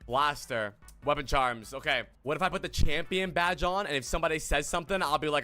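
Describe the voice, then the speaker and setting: A man streaming a game, talking casually and excitedly to his chat, joking and swearing as he plays. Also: on the high side, a little fast, few pauses, soft background music. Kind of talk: casual gaming livestream chat.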